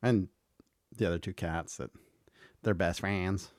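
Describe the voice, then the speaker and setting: A man's voice: low-pitched, steady tone, unhurried, dry recording. A man co-hosting a podcast, chatting loosely and telling rambling stories with swearing and laughs. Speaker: podcast co-host. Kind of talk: casual chat.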